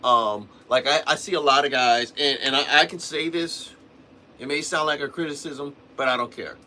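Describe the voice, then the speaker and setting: Hosting a livestream, a man with a slightly high, pushed and bright voice speaks at normal speed in casual teaching talk about drumming. He rambles, restarting sentences and sprinkling in "man" and "you know."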